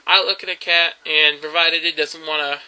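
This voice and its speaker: A man's voice: on the high side, fairly even intonation, moderate pace, pushed and bright, low-quality recording. A man, telling rambling stories in a casual vlog monologue, full of fillers and laughs. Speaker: YouTube vlogger.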